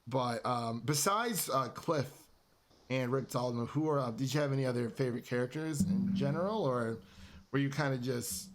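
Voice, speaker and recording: A man's voice: medium pitch, normal speed, a little hiss or hum. A young man co-hosting a casual film review podcast, laughing often and animatedly retelling scenes. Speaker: podcast co-host.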